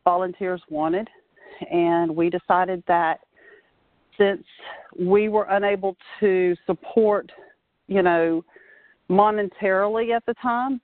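A woman in her forties, a fire marshal, telling her story in an earnest, steady way while talking on her phone outdoors at a playground. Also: fairly low pitch, dry recording. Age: 40s. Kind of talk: casual phone interview. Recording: dry, tinny phone line.

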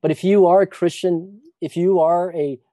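A man's voice: sits high, steady tone, moderate pace, mellow, dry recording. A man preaching a sermon, talking earnestly with many restarts and asides. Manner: earnest preaching with frequent restarts and "you know". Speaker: pastor. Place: church retreat service.

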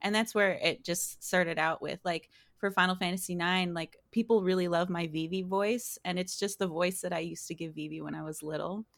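A woman's voice: on the low side, steady tone, moderate pace, few pauses, no room sound. A woman being interviewed about her streaming, chatting casually, laughing often and restarting her sentences. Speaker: streamer guest.

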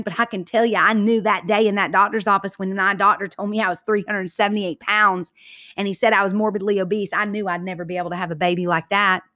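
A woman with a Southern accent, her voice sitting a little high, gives a heartfelt motivational talk. She leans into key phrases, slowing and repeating them, and keeps calling her listeners y'all. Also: a bit bright. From Georgia, US. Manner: emphatic, repeats key phrases slowly for effect. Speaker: motivational speaker. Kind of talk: inspirational talk.

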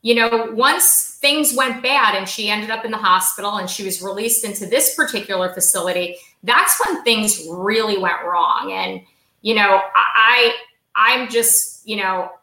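A middle-aged woman answers interview questions as a podcast guest, stressing her points and repeating them. Her voice is bright and forceful. The room around her rings with echo. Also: mid-range voice, measured pace. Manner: emphatic, repeats key phrases.

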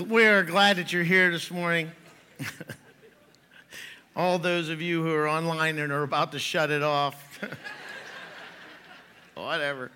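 A man's voice: on the high side, steady tone, slow pace, pauses often, sharp tone, slight background noise. A middle-aged man preaching a sermon, chatty and joking, laughing at his own jokes before turning to scripture. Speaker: pastor.

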